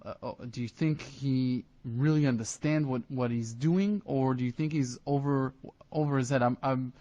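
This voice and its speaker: A man hosting an interview who asks long, halting questions. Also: mid-range voice, a little mellow, lo-fi sound. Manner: halting, many fillers and restarts while framing questions. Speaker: interviewer, host.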